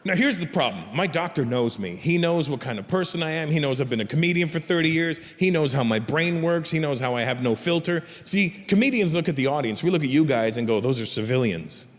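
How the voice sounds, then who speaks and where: A man's voice: fairly high pitch, expressive, brisk, few pauses. A middle-aged man performing stand-up comedy before an audience, telling a crude, profane story with exasperated asides. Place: live comedy venue with audience. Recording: live hall reverb, faint noise.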